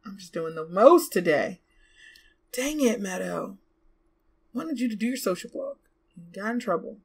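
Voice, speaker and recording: A chatty young woman narrating her life-sim game at a middling pitch. She coaxes and scolds her characters aloud. She is quick to gasp and exclaim. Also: animated, creaky, darkish tone, slightly rough. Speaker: gaming YouTuber. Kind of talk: let's play commentary.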